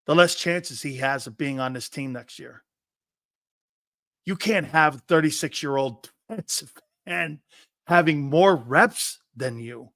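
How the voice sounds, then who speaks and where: A man's voice: a little high, a bit bright, dry recording, clean studio sound. A man hosting a sports talk show, giving a brash, profane monologue that acts out overheard conversations.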